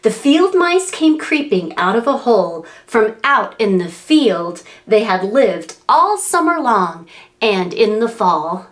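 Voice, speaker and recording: A woman librarian reading a picture book aloud to preschoolers, animated and sing-song, making animal and wind sounds as she goes. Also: medium pitch, takes it slowly. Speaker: children's librarian.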